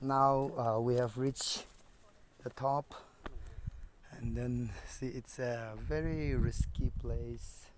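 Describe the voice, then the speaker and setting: A man vlogging while hiking a rocky mountain outdoors, talking in slow, awed and nervous exclamations. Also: mid-range voice, steady tone. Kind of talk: casual outdoor vlog narration. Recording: noisy outdoor phone recording. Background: outdoor noise.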